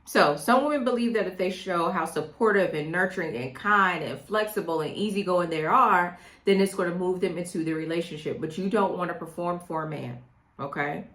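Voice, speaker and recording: This middle-aged dating coach talks a little fast in a fairly bright voice on the low side, giving women direct, emphatic advice and often adding "okay?". The recording has an echoey room sound.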